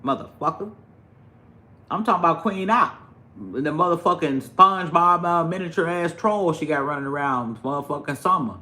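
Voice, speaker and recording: A man's voice: a little high, fairly quick, pushed and bright. A man, ranting profanely and animatedly to his livestream viewers. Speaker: live streamer.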